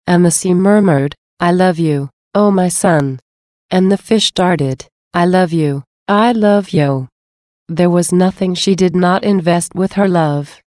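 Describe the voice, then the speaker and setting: A woman reading the words of a tender, sorrowful male divine speaker in a gentle, solemn voice, as a devotional reading. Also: lowish voice, no room sound, studio quality, lightly acted.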